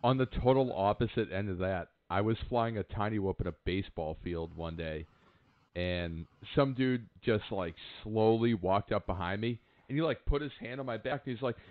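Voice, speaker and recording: A man's voice: lowish voice, normal speed. Profane storytelling man, tinny line. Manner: profane, animated storytelling with acted quotes. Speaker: podcast co-host. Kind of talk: casual chat. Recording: phone-like narrow sound.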